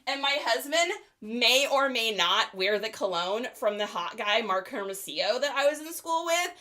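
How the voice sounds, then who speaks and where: A woman's voice: on the high side, animated, moderate pace, sharp tone. A middle-aged woman chatting playfully in a casual vlog as an online reseller. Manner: chatty, playful, laughs a lot.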